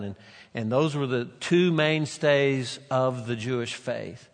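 A man preaching a sermon, retelling a scripture story with animated voices for the characters. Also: medium pitch, slow pace. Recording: long reverb of a large hall.

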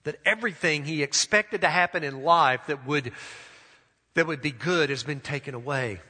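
A man preaching a sermon, drawing out phrases and letting his sentence endings fall soft. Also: fairly high pitch, moderate pace, in a large hall. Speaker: pastor.

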